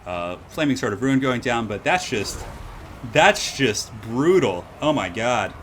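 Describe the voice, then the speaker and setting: A man casting a strategy game match live, moving from calm analysis to loud excited hype. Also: medium pitch, moderate pace, a little hiss or hum. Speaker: streamer casting a tournament match.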